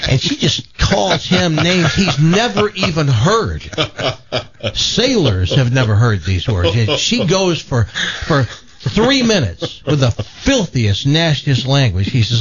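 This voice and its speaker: A male radio host chatting casually and telling a long joke with animated storytelling. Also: a little high, takes it slowly, lo-fi sound.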